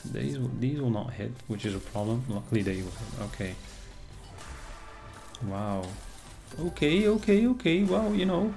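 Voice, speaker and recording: A man's voice: medium pitch, animated, moderate pace, vocal fry, long pauses, warm tone, soft background music. A man streaming casually, chatting with viewers and reacting to the game as it plays. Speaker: casino streamer. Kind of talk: casual live-stream commentary.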